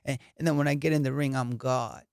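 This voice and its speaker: A man doing an impression of a famous boxer, a soft-spoken man who talks in a halting, childlike way. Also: mid-range voice, fairly even intonation, vocal fry, clear, resonant tone, dry recording, clean studio sound, lightly acted. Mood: nervous.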